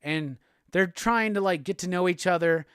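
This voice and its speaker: A male podcast host recapping a comic book in a casual, excitable way, swearing freely. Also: high-pitched, normal speed, clear, resonant tone, no room sound, studio quality. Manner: profane, excitable storytelling.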